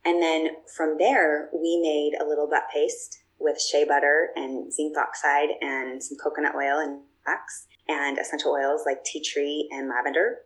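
A woman's voice: low-pitched, flat delivery, a little slow, few pauses, low-quality recording. A woman guest telling personal stories in a casual, chatty way, with plenty of fillers and restarts. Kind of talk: casual storytelling.

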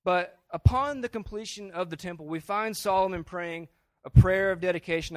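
A man preaching with a high, ringing voice, earnest and swelling in volume to drive home key lines. He is recorded close and dry, with no room around him. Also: moderate pace, no echo. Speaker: pastor. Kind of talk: sermon.

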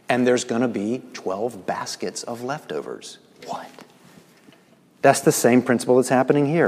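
Man, pastor, conversational sermon, loud then hushed, mid pitch, long echoing church reverb. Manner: conversational, asks the congregation questions, swings from loud to hushed.

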